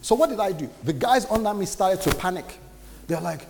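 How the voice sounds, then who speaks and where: A man preaching a testimony, telling a story in an animated way and acting out the voices in it. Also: high voice, a little fast, vocal fry, big-room sound, noisy background. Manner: animated, acts out quoted dialogue. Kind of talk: sermon storytelling.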